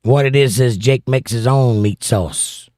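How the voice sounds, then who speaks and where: A man's voice: mid-range voice, measured pace, a little mellow, dry recording, studio quality. A middle-aged American man hosting a casual livestream, reading viewer comments aloud with playful, combative banter. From United States. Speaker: livestream host.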